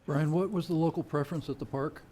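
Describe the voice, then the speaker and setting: Man, quick-talking board member, heard from a distance with room noise. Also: a little high, fairly even intonation, a crowd in the background. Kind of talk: questioning at a public meeting.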